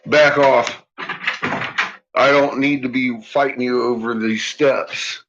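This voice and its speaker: A man's voice: mid-range voice, fairly even intonation, slow pace. A man vlogging from home in a loose, casual ramble, swearing freely and chatting to himself and his pets. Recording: dull lo-fi home recording with clear background noise.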